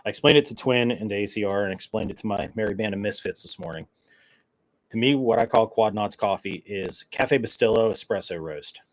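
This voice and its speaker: With a lowish voice that runs a little fast, this man hosts his own podcast alone, joking and rambling in a jittery, caffeinated way with many fillers. The audio is poor.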